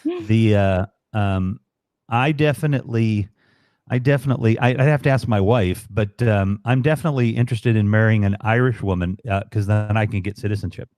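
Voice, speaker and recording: A man's voice: lowish voice, a little fast, a little mellow, dry recording, clean studio sound. A man guest on a livestream, rambling and joking with lots of fillers. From United States. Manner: rambling, jokey, many fillers. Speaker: livestream guest, fellow broadcaster. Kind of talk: casual chat.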